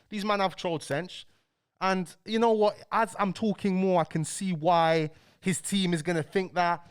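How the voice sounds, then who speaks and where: A man's voice: high-pitched, normal speed, smooth. A man delivering heated, slangy commentary as a YouTube host. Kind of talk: ranting commentary.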